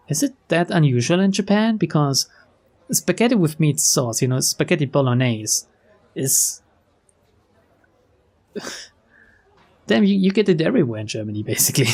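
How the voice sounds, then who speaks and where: A young man reads a visual novel aloud for viewers, his voice sitting a bit higher than most men's. He switches between plain narration and relaxed, chuckling side remarks. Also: creaky. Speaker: let's player.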